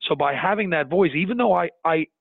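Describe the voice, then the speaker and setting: A man, a business owner, talking earnestly in an interview, animated and restarting his sentences as he goes. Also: a little high, brisk, vocal fry, breathy edge, no echo. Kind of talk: conversational interview. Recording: tinny phone-line audio, dry.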